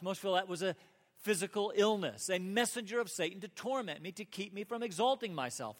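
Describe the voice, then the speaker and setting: A man preaching a sermon as pastor, earnest, rising to emphatic peaks and dropping to soft asides. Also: sits high, lively intonation, a little fast. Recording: long hall reverb.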